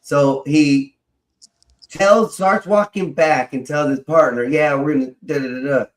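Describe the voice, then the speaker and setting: A man with a fairly high voice tells a personal story in a relaxed, casual way. He swears freely and laughs as he goes. His voice sounds roomy, with a clear echo around it. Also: measured pace. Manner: animated, swears freely, laughs while telling.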